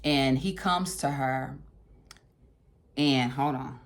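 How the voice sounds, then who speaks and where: A woman's voice: very deep voice, slow pace. A woman leading a casual book club discussion, talking conversationally, repeating phrases for emphasis and asking her listeners directly. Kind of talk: casual book discussion with read-aloud passages.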